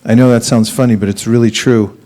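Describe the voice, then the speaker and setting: A man giving a relaxed sermon at a temple, telling stories with laughs and acting out quotes, sometimes chanting a mantra slowly. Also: mid-range voice. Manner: storytelling with laughs and acted quotes. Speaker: temple teacher.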